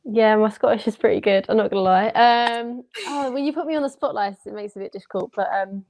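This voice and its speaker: A woman co-hosting a podcast, chatting in relaxed, giggly banter. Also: medium pitch, fast. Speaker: podcast co-host. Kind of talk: casual chat.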